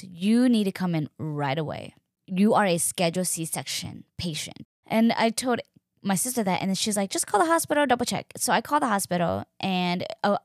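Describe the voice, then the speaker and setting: A young woman telling a personal story in a chatty, animated way, full of "like" and acted-out quotes. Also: mid-range voice, no echo, studio quality. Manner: animated, chatty, fills speech with "like", acts out quotes. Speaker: podcast host. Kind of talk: casual storytelling.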